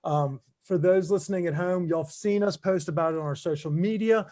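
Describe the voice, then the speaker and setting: High-voiced, upbeat male podcast host. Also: fairly quick, dark tone. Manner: enthusiastic, loose. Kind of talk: casual podcast chat.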